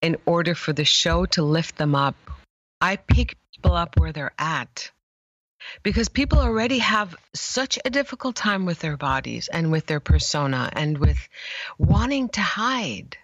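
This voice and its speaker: Woman, image therapist guest, passionate, emphatic pauses, slightly muffled lo-fi sound, dry. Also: deep voice, animated, dry recording. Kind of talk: emotional storytelling interview.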